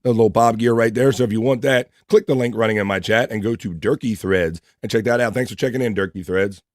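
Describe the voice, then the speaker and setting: This is a man with a lowish voice hosting a laid-back livestream. He reads chat messages out one after another and throws in quick greetings and crude asides. The sound is dry and close, with no room around it. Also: no room sound. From East Coast of the United States. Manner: reads viewer messages aloud with running shout-outs, loose and profane. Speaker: livestream host reading chat.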